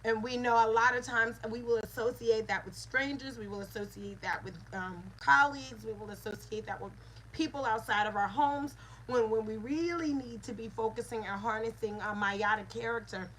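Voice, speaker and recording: A woman's voice: on the high side, normal speed, a bit bright, a little hiss or hum, rough recording. Earnest woman teaching a spiritual lesson. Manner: earnest, repetitive teaching cadence. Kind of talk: spiritual lesson with call-and-response.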